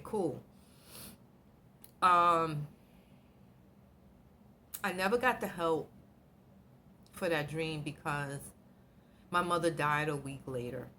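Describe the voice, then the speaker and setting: A middle-aged woman vlogger telling a personal story in an animated, blunt way, swearing freely. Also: deep voice, takes it slowly, long pauses, slight background noise. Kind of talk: emotional storytelling.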